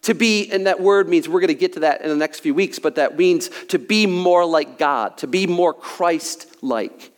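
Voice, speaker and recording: A man's voice: fairly high pitch, normal speed, few pauses. A man preaching a sermon as a pastor, emphatic and repetitive, sometimes joking at his own expense, out of breath. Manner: emphatic preaching with repeated phrases and self-deprecating asides. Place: church sanctuary. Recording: long hall reverb.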